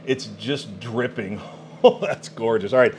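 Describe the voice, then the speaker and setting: A man of middle pitch shows off food from a countertop cooker, gushing with excitement and laughing between lines. His talk is loose and chatty, with faint noise in the background. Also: a little slow. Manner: enthusiastic, exclamatory, laughing often. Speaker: cooking channel host. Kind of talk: product demo cooking vlog.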